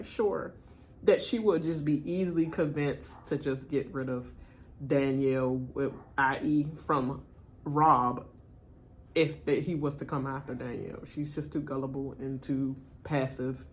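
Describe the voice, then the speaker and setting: A woman giving a blunt, animated reaction rant, mimicking people as she retells scenes. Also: very deep voice, a little slow, slight background noise. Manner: animated, blunt, quotes people in mock voices. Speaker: reaction channel host.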